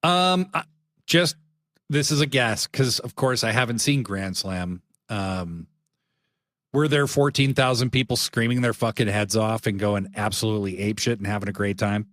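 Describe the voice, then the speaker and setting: A man's voice: on the low side, normal speed, fairly bright tone, no room sound, clean studio sound. A man co-hosting a casual podcast, jokey and theatrical, often mock-offended. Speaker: co-host.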